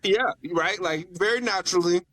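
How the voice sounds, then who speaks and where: A man's voice: sits high, normal speed, bright, forceful tone, no echo. A man from the Southern United States with a light Southern accent, chatting as a podcast guest and telling stories animatedly. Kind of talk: casual chat.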